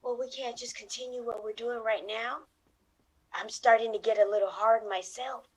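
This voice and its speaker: A woman's voice: on the high side, fairly even intonation, normal speed, husky. A woman improvising a needy, lovesick news anchor with a melodramatic, pleading manner. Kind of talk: improv comedy.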